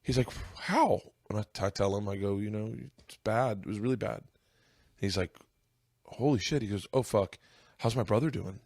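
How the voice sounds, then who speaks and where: A man's voice: animated, moderate pace, darkish tone, dry recording, clean studio sound. Man telling a story that chokes him up. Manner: emotional, voice rising high as he tears up. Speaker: podcast host. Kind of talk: storytelling in casual podcast chat.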